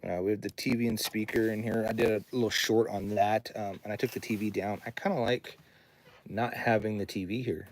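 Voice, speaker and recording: A man hosting a casual livestream from his home recording studio, talking in a rambling way and reading viewers' comments aloud. His voice sits a little low. He drifts from topic to topic in a relaxed chat. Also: brisk.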